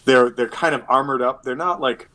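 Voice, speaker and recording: Man, game master, tabletop narration, rambling, lots of fillers, mid pitch. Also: moderate pace, a bit bright. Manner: rambling, filler-heavy, self-correcting.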